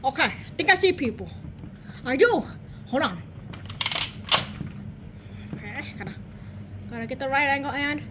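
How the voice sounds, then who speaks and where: A woman in a puppet comedy skit, shouting frantic, shrieky exclamations, with noise in the recording. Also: high voice, expressive, moderate pace, pauses often. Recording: noisy background hiss.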